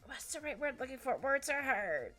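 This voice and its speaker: A woman chatting casually with her stream while she draws, rambling, giggly and easily excited. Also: high voice, moderate pace, soft background music. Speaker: streaming artist.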